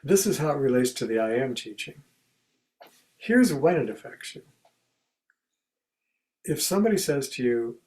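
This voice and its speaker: A man giving a contemplative spiritual talk in a conversational way, acting out everyday examples as quoted speech and going soft and quiet on key phrases. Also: medium pitch, very animated, moderate pace, pauses often, rough recording. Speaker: spiritual teacher and speaker.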